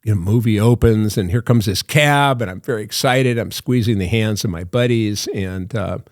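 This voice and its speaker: Older guy rambling through an old showbiz story, lowish voice, dry close mic. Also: normal speed, no echo. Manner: rambling anecdotes with many fillers and laughs. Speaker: actor guest. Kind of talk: storytelling in a podcast interview.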